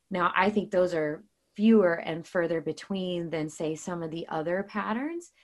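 A woman guest and author talking casually about faith, earnest and chatty, with many fillers and restarts. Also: lowish voice. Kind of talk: casual faith talk with storytelling.

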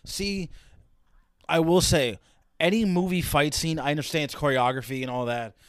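A man's voice: fairly high pitch, moderate pace, clear, resonant tone, no echo, studio quality. Profane wisecracking young man. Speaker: reaction video host. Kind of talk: casual reaction commentary.

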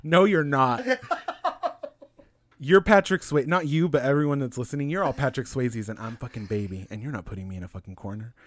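A man's voice: mid-range voice, brisk, no room sound, studio quality. A man in his late twenties co-hosting a casual podcast, giddy and joking, swearing a lot. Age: 20s. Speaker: podcast co-host.

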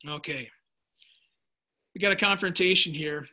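A man with a high, sharp-toned voice leads a casual Bible study at an unhurried pace. He's chatty and full of jokey asides as he answers questions viewers have typed in, often restarting mid-sentence.

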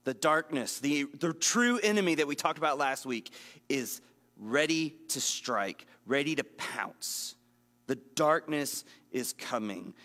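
A man teaching a casual Bible lesson in a conversational, animated way, acting out the scenes he reads. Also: mid-range voice, in a large hall.

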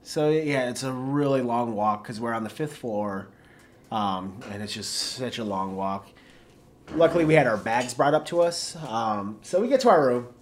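A young man co-hosting a podcast in casual chat, describing things in short, relaxed bits with frequent "um"s. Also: mid-range voice, normal speed, slight background noise. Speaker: podcast co-host.

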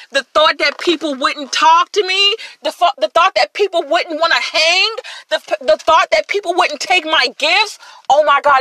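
A woman's voice: sits high, bright, forceful tone, dry recording. A woman hosting a podcast, giving an emphatic, preachy motivational faith talk and addressing listeners directly. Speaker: podcast host.

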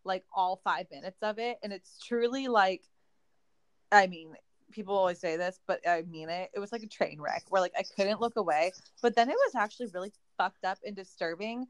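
Young woman co-host, mid pitch, dry close mic, laid-back and candid. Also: fairly quick, no room sound. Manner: relaxed, casual, swears freely. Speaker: podcast co-host. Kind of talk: casual podcast chat.

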